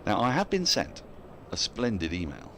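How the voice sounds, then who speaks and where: Speak low in your register and let the pitch swing freely, a man commentating live cricket. Keep it chatty, break into easy laughs, and slip into reading listener emails between deliveries. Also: huge pitch swings, moderate pace, a bit bright, a little hiss or hum.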